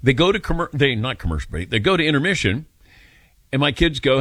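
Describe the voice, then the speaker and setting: Lively older male radio host. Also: mid-range voice, moderate pace, no echo. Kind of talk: casual radio talk with callers.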